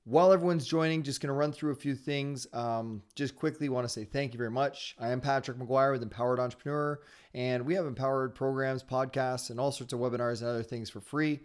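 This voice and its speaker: A man hosting a live online sales training webinar, talking fast in an upbeat, encouraging way. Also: mid-range voice, fairly even intonation, clear, resonant tone. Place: his home area in Ontario.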